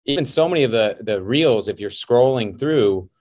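A man's voice: medium pitch, expressive, normal speed, a little mellow. A man, a pastor and author, talking earnestly as a guest in a conversational interview and telling stories with animation.

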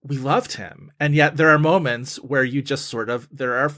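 A man's voice: mid-range voice, steady tone, moderate pace, fairly bright tone. A young man co-hosting a casual film podcast, talking in a rambling way with lots of fillers. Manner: chatty, rambling with many fillers. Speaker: podcast co-host.

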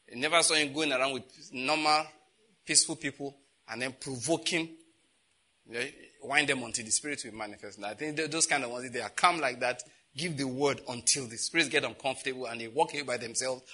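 A man's voice: a little high, bright, forceful tone. A man preaching a conversational sermon, laughing often and asking his listeners rhetorical questions. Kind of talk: sermon teaching.

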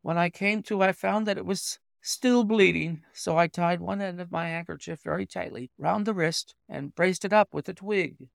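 A man's voice: sits high, moderate pace, creaky, few pauses, no room sound, studio quality, pitched above the performer's own voice. A man voicing a shaken young engineer. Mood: weary.

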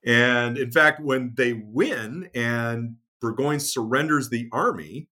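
Male author guest, mid-pitched, storytelling interview delivery with many "uh"s and self-corrections. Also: slow pace, pushed and bright. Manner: many fillers and restarts, storytelling with acted quotes. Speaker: author and military historian guest. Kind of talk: conversational interview.

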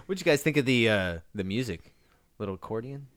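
Excitable swearing man. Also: mid-range voice, brisk, no echo, studio quality. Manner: excitable, swears freely, calls people dude. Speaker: podcast co-host. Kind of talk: casual film podcast chat.

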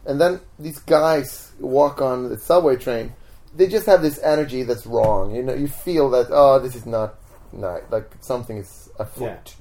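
A man of middling pitch tells a story in a relaxed interview at home. He is animated and jumps into the voices of the people in his tale. His delivery stays casual and chatty. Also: a little slow. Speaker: magician guest.

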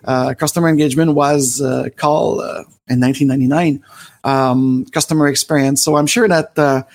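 A man's voice: mid-range voice, fairly even intonation, fairly quick, a little mellow. A French-Canadian man in his forties with a Quebec French accent, hosting a rambling live stream with many fillers and restarts. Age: 40s. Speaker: livestream host.

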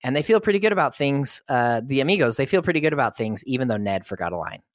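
A man's voice: medium pitch, lively intonation, quick pace, no echo, clean studio sound. Man chuckling through a film recap. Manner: chuckles while retelling. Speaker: podcast co-host.

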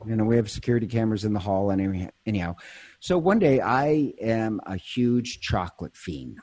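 In a relaxed conversation, a priest tells stories, often stopping mid-sentence and laughing easily. He speaks in a lowish, a little mellow voice.

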